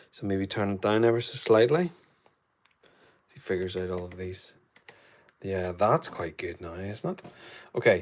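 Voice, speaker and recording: A man's voice: on the low side, darkish tone. A man with a Northern Irish accent, chatting casually as he runs a live painting demo and greets viewers by name. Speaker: art tutor streaming live.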